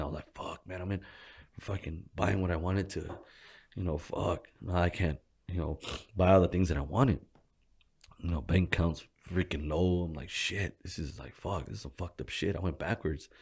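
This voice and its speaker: Low, gravelly man telling stories casually. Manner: profane, animated storytelling with slang. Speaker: gym co-owner, interview guest. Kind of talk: casual storytelling interview.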